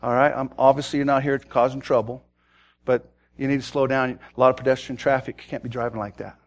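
A man preaching a sermon, telling a quiet personal story and then rising into loud, urgent exhortation, often repeating words as he starts a thought. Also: medium pitch, level tone, fast. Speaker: pastor.

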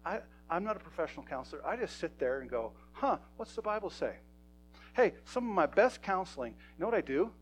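Emphatic male pastor with a higher voice. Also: big pitch swings, fast, few pauses, a little hiss or hum, rough recording. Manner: emphatic, conversational preaching. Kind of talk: sermon. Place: church.

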